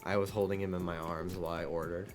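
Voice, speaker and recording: A man's voice: sits low, quick pace, music in the background. A man streaming a game who chats casually and rants with plenty of swearing. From United States. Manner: ranting, profane, animated. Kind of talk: casual chat while gaming.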